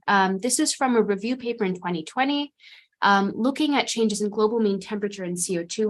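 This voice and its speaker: Woman, mid-pitched, careful seminar speaker over a video call. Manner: measured, explanatory with frequent "um".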